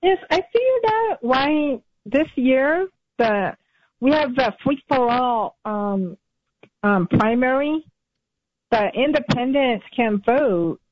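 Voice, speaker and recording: A woman calling in to a radio show, speaking slowly and hesitantly. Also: high-pitched, expressive. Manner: slow and hesitant. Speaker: caller. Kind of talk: phone-in call. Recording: dull line with music behind.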